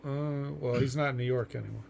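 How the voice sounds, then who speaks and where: A man's voice: medium pitch, fairly even intonation, fairly quick, creaky, a little mellow. A man co-hosting a casual podcast, recapping events in a hesitant way full of ums and uhs. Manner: hesitant, filler-heavy recapping. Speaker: co-host.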